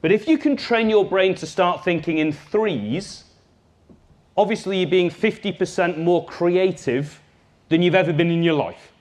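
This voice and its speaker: A man giving a live workshop talk as a business trainer, lively and jokey, speaking straight to his audience. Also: high-pitched.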